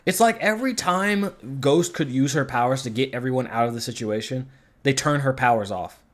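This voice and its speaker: Guy ranting about a movie, lots of swearing and ums, fed up, middle pitch voice. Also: fairly quick. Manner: profane, exasperated, rambling with many fillers. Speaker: film reviewer. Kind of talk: casual movie review rant.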